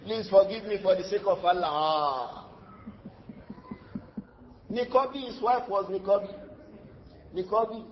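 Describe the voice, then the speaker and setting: High-pitched Nigerian preacher, animated. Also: male voice, unhurried, long pauses, background noise. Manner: animated, acts out dialogue, laughs often. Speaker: Islamic lecturer. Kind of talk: lively sermon with storytelling. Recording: dull lo-fi lecture recording.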